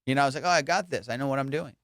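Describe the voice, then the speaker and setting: A young man hosting a podcast, telling a story in an animated, casual way, swearing and saying "dude" and "bro" a lot. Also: mid-range voice, rapid-fire, no room sound, clean studio sound. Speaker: podcast host.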